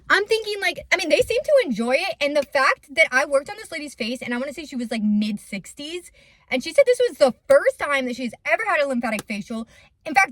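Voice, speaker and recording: A young woman with a high voice tells a casual storytime, chatty and full of fillers. The sound is dry and close, with no room echo. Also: fairly bright tone. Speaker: lymphatic massage business owner.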